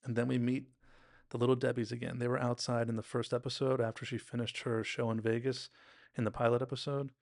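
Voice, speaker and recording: Podcast host, male, gravelly, dry close sound, chatty recap delivery. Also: medium pitch, flat delivery, quick pace, darkish tone, no echo. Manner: chatty, enthusiastic, acts out quotes, many "like"s. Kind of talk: casual episode analysis.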